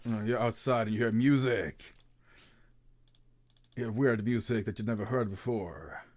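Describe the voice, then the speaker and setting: A man narrating as game master, talking slowly with many halting restarts and laughs. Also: lowish voice, a little mellow. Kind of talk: narrating a tabletop game over voice chat.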